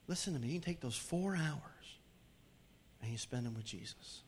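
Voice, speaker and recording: A man preaching a sermon to his congregation in a church, joking with the crowd and swinging from loud calls to hushed pleading. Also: mid-range voice, lively intonation, normal speed, slight background noise. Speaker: pastor. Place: church sanctuary.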